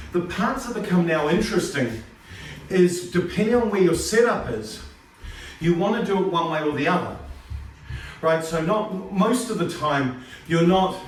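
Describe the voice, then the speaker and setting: A karate instructor teaching an informal lesson at home, explaining technique and counting repetitions aloud in sharp calls. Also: male voice, on the high side. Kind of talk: informal martial arts lesson. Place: home training room. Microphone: phone camera across the room. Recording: distant phone mic in an echoey room.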